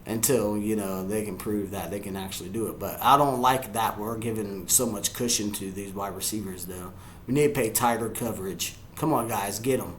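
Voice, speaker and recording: A man giving excitable live reaction commentary on a football game, yelling at the players and chuckling often. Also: fairly low pitch, moderate pace, roomy sound, a little hiss or hum. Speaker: sports fan reacting to a game.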